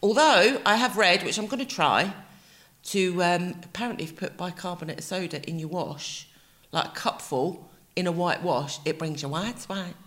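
A woman, co-hosting a podcast in casual chat, talking in quick asides and laughing easily. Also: lowish voice, fairly bright tone. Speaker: podcast co-host.

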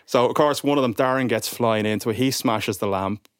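Animated Irish man telling stories. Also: medium pitch, brisk, smooth, dry recording, studio quality. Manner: animated storyteller, acts out voices. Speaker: podcast guest. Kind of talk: casual anecdote telling.

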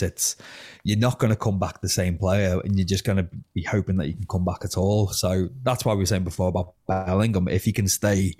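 A man's voice: deep voice, a little mellow. A man co-hosting a casual football podcast, trading wry, teasing banter. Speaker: podcast co-host.

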